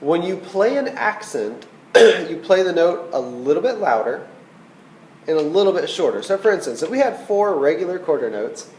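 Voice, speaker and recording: A man's voice: a little high, big pitch swings, moderate pace, darkish tone, roomy sound, a little hiss or hum, poor audio. A man teaching a recorded flute lesson, patient and checking in with "okay?" as he explains. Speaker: band teacher.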